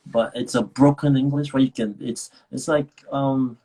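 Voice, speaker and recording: A man's voice: medium pitch, steady tone, moderate pace, warm tone, a little hiss or hum, rough recording. A man from Nigeria, an actor being interviewed over a video call, talking casually and rambling with many restarts and laughs. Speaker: actor guest.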